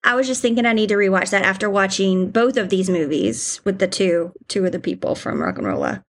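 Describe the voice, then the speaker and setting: Woman from Georgia, podcast co-host, chatty, mid-pitched. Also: lively intonation, brisk. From South Georgia, US. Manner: chatty, with filler ums. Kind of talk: casual movie podcast chat.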